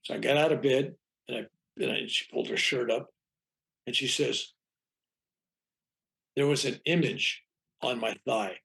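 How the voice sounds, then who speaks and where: Older man, reverend, gravelly voice, mid-pitched, rambling storyteller, acts out quoted lines. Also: measured pace, pauses often, fairly bright tone. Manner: rambling, acts out quoted dialogue, frequent restarts. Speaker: reverend and interview guest. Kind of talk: anecdotal storytelling in conversation.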